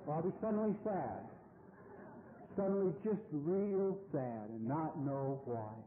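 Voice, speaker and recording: A man's voice: fairly high pitch, animated, measured pace, a little hiss or hum. A middle-aged American man giving a blunt, wry personal testimony at a recovery meeting. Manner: wry, blunt storytelling with swearing. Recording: echoey hall on tinny phone-line audio.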